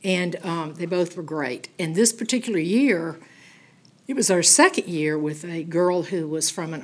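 Husky older woman teaching scripture. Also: on the low side. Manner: folksy, animated storytelling with quoted voices. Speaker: Bible teacher. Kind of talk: Bible study teaching with storytelling.

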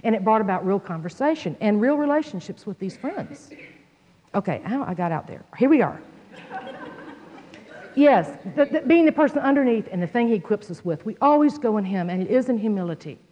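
A woman giving a Bible teaching, telling a personal story in an animated way and acting out the voices of the people in it. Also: fairly high pitch, a little fast. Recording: dull sound in a hall with long echo.

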